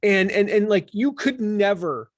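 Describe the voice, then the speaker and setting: A man in his forties from the Southern United States, talking as an author in an interview, animated and full of restarts. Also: high voice, unhurried, no echo, studio quality. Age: 40s. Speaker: author and guest. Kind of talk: conversational interview.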